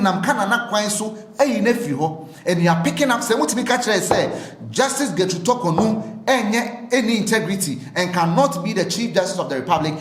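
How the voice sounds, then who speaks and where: Male political commentator, Ghanaian accent, high voice, forceful and repetitive, recorded in a roomy, echoing space. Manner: emphatic, repeats phrases, rhetorical questions.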